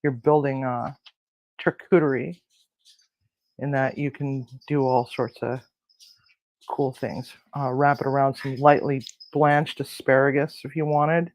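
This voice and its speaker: A man's voice: medium pitch, level tone, measured pace, no room sound, low-quality recording. A man hosting a casual cooking demonstration in a kitchen, rambling with crude jokes and lots of fillers. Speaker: cooking show host. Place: home kitchen.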